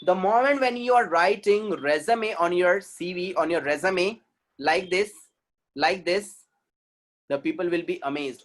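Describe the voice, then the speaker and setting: A man's voice: high voice, a little slow. A man with an Indian accent gives a webinar talk as a communication trainer. He is emphatic, repeats his points and keeps asking the audience questions. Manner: emphatic and repetitive, asks the audience rhetorical questions.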